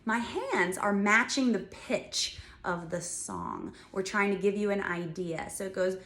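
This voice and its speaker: Lively, encouraging woman music teacher. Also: mid-range voice, a little slow. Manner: bright, encouraging, talks directly to children. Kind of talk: children's music lesson.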